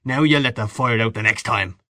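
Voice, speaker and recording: A man's voice: medium pitch, fairly quick, dry recording, natural voice. A man reading a story aloud and voicing a big, angry, bullying father who barks his words. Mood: furious. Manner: gruff, shouting, menacing.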